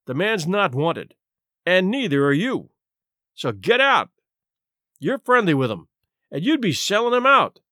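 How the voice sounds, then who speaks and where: A man's voice: sits high, big pitch swings, unhurried, pauses often, no room sound, studio quality, exaggerated voice. Male reader as stern, curt police sergeant, storybook. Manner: curt, loud, hostile.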